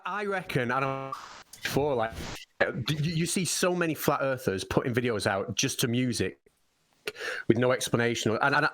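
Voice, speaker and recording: A relaxed man on a live panel talks his ideas through with little stumbles. His voice is mid-pitched and ordinary. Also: dry recording. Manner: relaxed, thinking aloud, apologetic. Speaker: panel guest. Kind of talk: live round-table chat.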